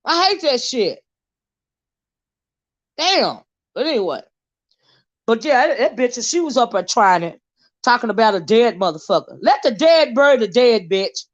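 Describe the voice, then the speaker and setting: A woman hosting a YouTube commentary show, ranting in a blunt, loud, heavily profane way. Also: fairly high pitch, very animated, measured pace, pauses often. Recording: dull lo-fi sound.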